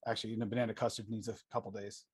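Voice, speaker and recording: A man co-hosting a casual livestream who rambles, pausing on many fillers. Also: on the low side, flat delivery, breathy edge, dry recording. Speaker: livestream co-host and advocacy streamer.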